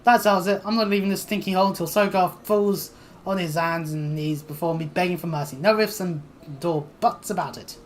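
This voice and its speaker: A woman's voice: fairly low pitch, fairly quick, faint music behind, close to an everyday voice. Woman doing a brash, scolding adventurer woman. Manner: scolding, old-fashioned "ye" speech. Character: brash, blunt adventuring woman with rough talk. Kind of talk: reading game dialogue aloud.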